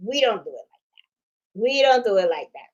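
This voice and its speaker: A woman's voice: medium pitch, big pitch swings, moderate pace, dull audio. A middle-aged woman hosting a crafts channel, chatting casually and animatedly, laughing often. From Puerto Rican family background. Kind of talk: casual live-stream chat.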